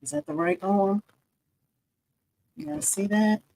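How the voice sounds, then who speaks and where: A woman's voice: mid-range voice, animated, slow, mellow, low-quality recording. A middle-aged woman hosting a casual live embroidery demo, chatting with viewers and laughing often. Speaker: embroidery livestream host.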